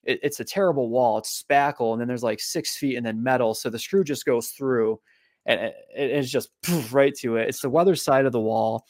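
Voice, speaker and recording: A man, a physical therapist and author, telling a long personal story in a podcast interview, animated and often repeating his words. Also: medium pitch, brisk, dry recording, studio quality.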